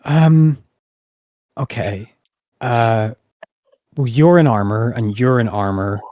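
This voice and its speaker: Guy running a tabletop game, lots of ums, middle pitch, dry close sound. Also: slow, mellow, no room sound. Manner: hesitant, full of ums and restarts. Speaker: game master.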